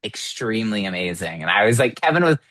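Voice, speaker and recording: A man co-hosting a chatty podcast, animated and loose with swearing, often leaping high in pitch when he gets exasperated. The sound is dry and close, with no room around it. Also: quick pace, no room sound. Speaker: podcast co-host. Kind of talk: casual chat.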